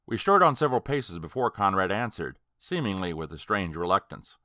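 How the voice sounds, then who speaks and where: A man narrating a horror story audiobook in a slow, dramatic, deliberate way. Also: low-pitched, big pitch swings, sharp tone, no room sound, clean studio sound.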